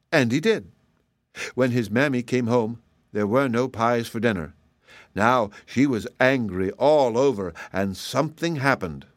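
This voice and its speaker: A man reads a children's story aloud at a measured, expressive pace. His voice sits at a middle pitch. The recording is dry and close. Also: no room sound. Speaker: storybook reader. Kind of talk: scripted storybook narration.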